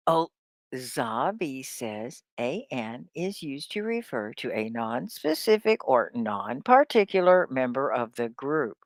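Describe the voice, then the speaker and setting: A woman teaching an English lesson on a live stream, drilling words slowly and cheering on her students. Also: rumbling low, very animated, dry recording, studio quality. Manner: slow, drawn-out word drills; upbeat, encouraging. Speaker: ESL teacher.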